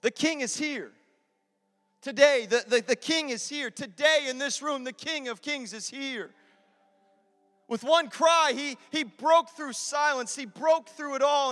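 A male pastor preaching an impassioned sermon to a congregation in church, building to loud, emphatic repetitions. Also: extremely high pitch, unhurried. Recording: long hall reverb with music behind.

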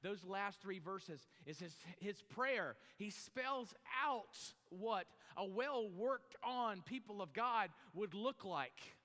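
A man with a high, bright voice preaches a sermon as pastor, pausing to explain what words mean and checking in with his listeners. His voice rings out with a long reverb, as if recorded in a large church hall. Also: lively intonation. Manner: explanatory, teaching word meanings with asides to the congregation.

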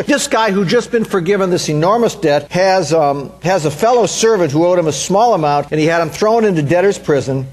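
A man's voice: on the high side, darkish tone. A man preaching a sermon in an earnest, emphatic way, repeating phrases for stress.

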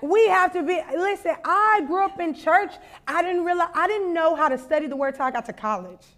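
A woman's voice: very high-pitched, fairly quick, fairly bright tone. A young woman from Louisiana, giving a conference talk that mixes funny anecdotes with preaching, laughing and acting out voices. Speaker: conference speaker. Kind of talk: storytelling sermon.

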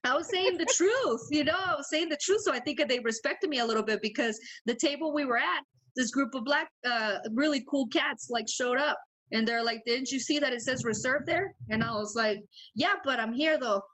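A woman's voice: high voice, a little fast, rough recording. A young woman co-hosting a podcast, telling a rowdy story in casual chat, swearing freely and acting out quotes. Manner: animated, swears a lot, acts out quotes. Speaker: podcast co-host.

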